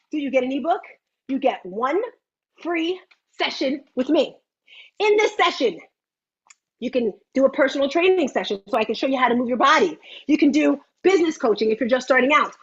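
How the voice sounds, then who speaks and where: Chatty high-voiced woman in her fifties. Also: muffled recording. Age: 50s. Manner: animated, chatty, repeats phrases for emphasis. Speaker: host of an online fitness meeting. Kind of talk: lively live-stream pitch.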